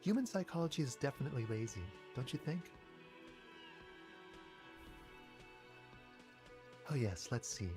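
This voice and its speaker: A man's voice: mid-range voice, sing-song, quick pace, over music. An actor playing a wry adult man in a detective video game, with a musing, theatrical delivery.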